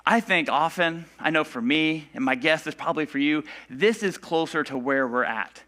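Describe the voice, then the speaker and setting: A man's voice: on the high side, normal speed, few pauses, sharp tone. A man preaching a casual sermon in a church, talking conversationally with fillers and acting out the people in the story. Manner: conversational, filler-heavy, acts out voices of Bible figures. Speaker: pastor.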